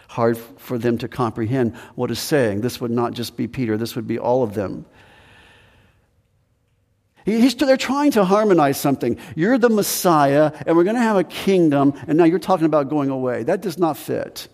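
A man preaching a sermon to his congregation in a conversational way, his pitch swinging up and down for emphasis. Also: normal speed, vocal fry, darkish tone. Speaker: pastor. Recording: long reverb of a large hall.

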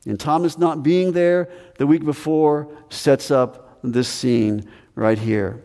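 A man's voice: a little high, steady tone, slow pace, warm tone. Man preaching in a reverberant hall. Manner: acts out Thomas's lines with raised voice. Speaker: pastor. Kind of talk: sermon.

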